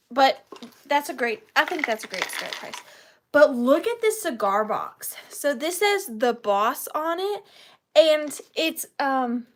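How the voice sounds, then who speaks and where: A woman hosting a live vintage sale online, chatting casually and rambling happily to her viewers. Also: sits high. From Georgia, US. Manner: chatty, rambling, giggly, talks to viewers by name. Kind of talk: casual live-stream selling chat.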